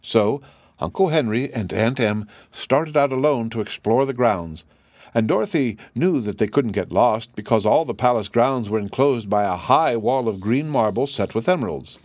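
A man narrating a children's storybook chapter in a steady, even reading voice. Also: medium pitch, moderate pace, no echo. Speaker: audiobook narrator.

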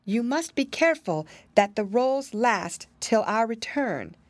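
Clever loyal she-cat, earnest, firm, lively lilt, storybook, woman doing it. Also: on the high side, measured pace, dry recording, voice pushed up.

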